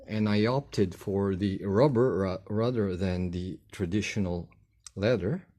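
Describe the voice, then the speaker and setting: A man talking casually while unboxing and trying on a product, unhurried and halting, with pauses and fillers. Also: on the low side, mellow. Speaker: vlogger unboxing shoes.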